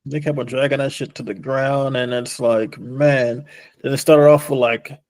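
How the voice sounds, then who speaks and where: A man's voice: medium pitch, steady tone, normal speed, darkish tone, dry recording. A man co-hosting a podcast in casual chat, blunt and profane, often tagging lines with "man". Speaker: podcast co-host.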